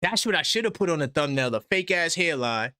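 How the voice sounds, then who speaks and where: A man's voice: fairly high pitch, sing-song, brisk. A man hosting a live sports call-in stream, ranting and mocking rivals in a brash, trash-talking way. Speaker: sports talk stream host.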